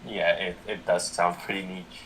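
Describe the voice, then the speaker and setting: A man's voice: sits low, flat delivery, moderate pace, fairly bright tone, a little hiss or hum, poor audio. A young man in casual livestream chat, easygoing and agreeable, laughing along with the others.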